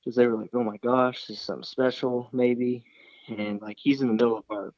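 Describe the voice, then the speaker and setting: A man's voice: mid-range voice, fairly even intonation, brisk, a little mellow, no echo. A young man telling a story casually in an interview, rambling along with many restarts and fillers. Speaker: interview guest, hunter. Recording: slightly dull, dry recording.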